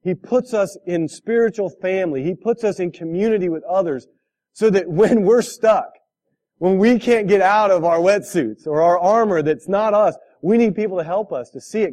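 A man's voice: high-pitched, moderate pace, darkish tone. A man preaching a sermon, telling a story with laughs and asking the listeners direct questions. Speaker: pastor.

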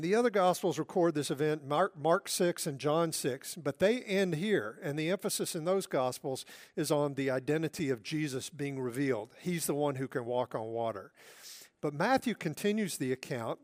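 A male pastor preaching a sermon in an earnest way, now and then dropping to a soft hush for emphasis. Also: on the high side, animated, moderate pace.

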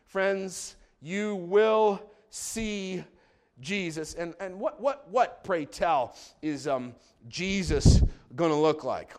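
High-voiced, exuberant male preacher. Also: lively intonation, slow. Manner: exuberant preaching with shouted calls and joking asides. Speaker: pastor. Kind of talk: sermon.

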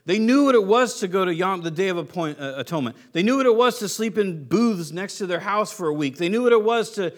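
A man giving a casual, conversational sermon as a pastor, relaxed and chatty with slang and frequent restarts. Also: sits high, fast, hardly any pauses.

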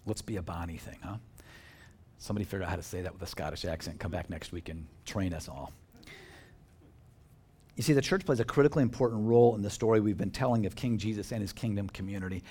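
Speaking to his congregation, a male pastor keeps his sermon conversational and animated, cracking jokes and asking questions. His husky voice is fairly low, and he talks quickly but with long pauses.

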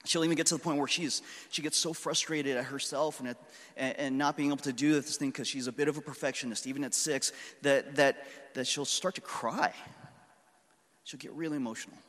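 A man's voice: mid-range voice, steady tone, brisk, fairly bright tone. A man in his thirties preaching a sermon, telling a story about his daughters in an earnest, conversational way. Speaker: pastor. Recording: reverberant hall.

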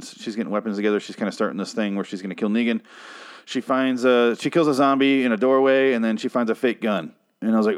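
A man hosting his own episode review show, ranting with profanity and sarcasm about how bad the episode was. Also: medium pitch.

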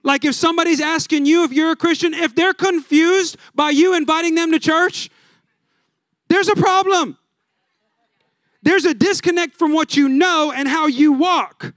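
A man in his thirties, a pastor, preaching a sermon in a casual, energetic way full of rhetorical questions. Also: extremely high pitch, normal speed, no echo, clean studio sound.

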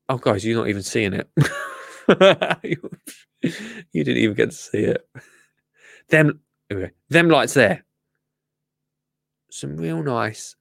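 A man's voice: mid-range voice, vocal fry, fairly bright tone, no room sound, clean studio sound. A man with an English accent hosting a live show, chatting casually with a jokey, rambling manner. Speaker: show host.

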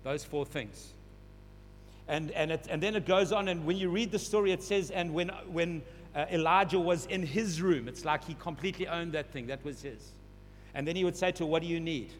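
High-voiced man preaching in a reverberant hall. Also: moderate pace. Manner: builds to louder, urgent emphasis, repeating phrases. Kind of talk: sermon. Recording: long hall reverb, faint hum.

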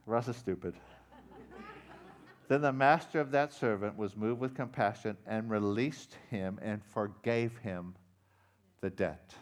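Male pastor, low voice, preaching with dramatic loud-to-quiet swings. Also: unhurried. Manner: dramatic storytelling, loud rising emphasis then quiet intensity. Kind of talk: sermon.

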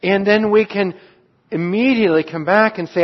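A man preaching an earnest, reflective sermon on a psalm as a pastor, trailing off softly at times. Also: high voice, normal speed. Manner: earnest, reflective, with restarts and soft trailing endings. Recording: dull lo-fi sound.

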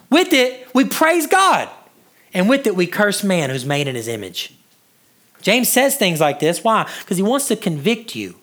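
A man preaching a sermon as pastor, animated, moving between loud high lines and hushed low ones and often repeating words as he restarts.

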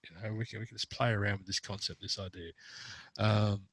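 Bright-voiced man telling rambling stories. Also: on the low side, fairly even intonation, brisk, slightly rough, dry recording, poor audio. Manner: rambling storytelling with frequent laughter and restarts. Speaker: therapist. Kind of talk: casual podcast conversation.

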